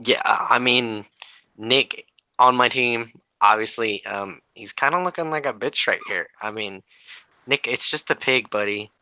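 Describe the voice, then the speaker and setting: A man's voice: medium pitch, unhurried, pushed and bright, low-quality recording. A man co-hosting a casual podcast chat, blunt and joking. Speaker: podcast co-host.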